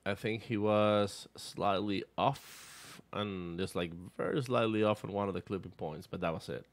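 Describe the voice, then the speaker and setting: A man's voice: fairly low pitch, measured pace, dry recording. A man co-hosting a casual podcast, easygoing and heavy on fillers.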